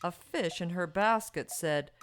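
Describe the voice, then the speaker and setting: A woman storyteller narrating a folk tale for children in an expressive, sing-song way. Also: fairly low pitch, measured pace. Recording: music bed behind.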